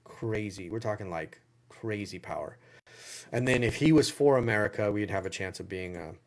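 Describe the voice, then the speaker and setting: A man's voice: fairly low pitch, normal speed. Southern US man, livestream Q&A host, casual and rambling, circles back on his own phrases. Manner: rambling, repeats phrases and restarts.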